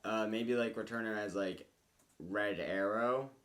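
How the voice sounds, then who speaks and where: A man's voice: lowish voice, measured pace, a bit bright. A man chatting casually on a podcast, thinking aloud hesitantly with many fillers. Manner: hesitant, lots of "like".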